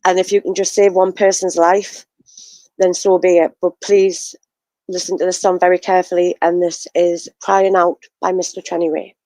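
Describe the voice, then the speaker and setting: An earnest woman hosting a live show. Her delivery stays level and even, with little rise or fall. The sound is close and dry, with no room around it. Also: lowish voice, moderate pace, no room sound, low-quality recording. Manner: earnest, repeats warnings. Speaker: host.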